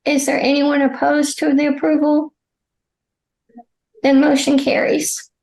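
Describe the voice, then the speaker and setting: A woman's voice: sits high, little pitch movement, measured pace, creaky, a little mellow, echoey room, low-quality recording. A woman chairing a public council meeting, running motions and introducing a presenter in a procedural way.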